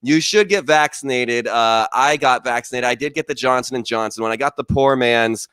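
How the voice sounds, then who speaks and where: A man's voice: medium pitch, moderate pace, a bit bright, clean tone, no room sound, clean studio sound. A man doing wry, self-deprecating stand-up comedy over a video call from his quarantine room into a microphone.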